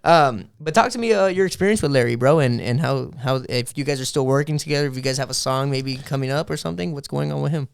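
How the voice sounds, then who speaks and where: A man's voice: mid-range voice, quick pace, gravelly, few pauses, smooth, no echo, studio quality. A man in his twenties hosting a podcast, asking questions in a casual, chummy way. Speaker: podcast host.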